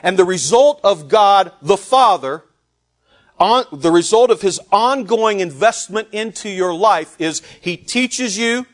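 A man preaching a sermon, measured and emphatic, building on repeated phrases with deliberate pauses. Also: sits high, expressive. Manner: slow deliberate delivery with pauses. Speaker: pastor.

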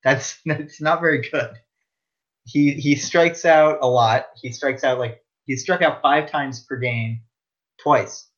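A young man co-hosting a podcast, talking sports bluntly and quick to disagree, with stammered restarts. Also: medium pitch, steady tone, a bit bright. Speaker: podcast co-host. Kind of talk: casual sports chat. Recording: dull lo-fi audio.

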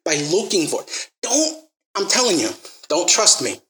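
A man's voice: high-pitched, sing-song, a little slow, a bit bright, roomy sound, rough recording. A man preaching a sermon, telling stories and acting out the quotes, then pressing the listeners with emphatic rising questions.

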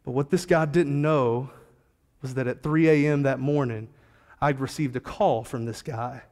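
A man's voice: medium pitch, steady tone, unhurried, darkish tone, long reverb tail. A man preaching a sermon as a pastor, telling a story in a casual, slangy, conversational way.

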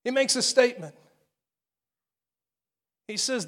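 High-voiced male preacher delivering a dramatic sermon, with emphatic builds and hushed, near-whispered quotes. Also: normal speed.

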